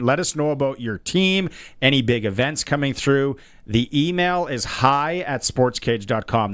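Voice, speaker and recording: Man, sports radio host, chatty, mid-pitched voice, dry studio sound. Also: clear, resonant tone, no room sound. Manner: chatty, lots of ums and quick asides. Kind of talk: casual sports talk.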